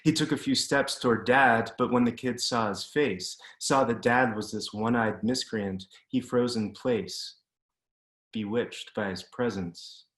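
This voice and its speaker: The recording has a roomy echo from the space around the speaker, who appears to be on a video call. He is a man with a mid-range voice, reading his own prose steadily and deliberately like an author giving a literary reading.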